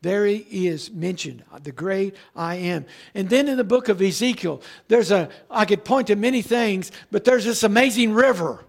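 A pastor preaches a sermon to his church, reading Bible verses aloud, restarting at times and making asides to the tech team. His voice is high with vocal fry, at normal speed with few pauses.

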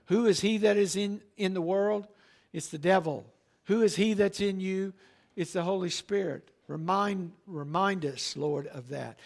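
A man's voice: sits high, creaky. A middle-aged male pastor preaching a sermon emphatically, often checking in with "all right?".

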